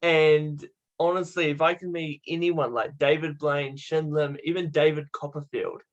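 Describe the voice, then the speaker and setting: A man's voice: on the high side, little pitch movement, normal speed, highs cut off. A man hosting a casual interview, upbeat, asking short questions and laughing. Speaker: podcast host.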